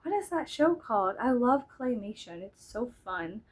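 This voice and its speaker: A woman's voice: fairly high pitch, very animated, moderate pace, a little hiss or hum, poor audio. A woman in her thirties chatting casually in a vlog, rambling with lots of fillers and asides. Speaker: vlogger. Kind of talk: casual chat.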